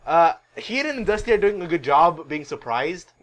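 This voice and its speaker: Excited guy ranting on a podcast, cusses a lot, voice jumps all over. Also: on the high side, normal speed. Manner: excitable, swearing, laughs at his own rant. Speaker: podcast co-host. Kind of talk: casual chat recapping a wrestling event.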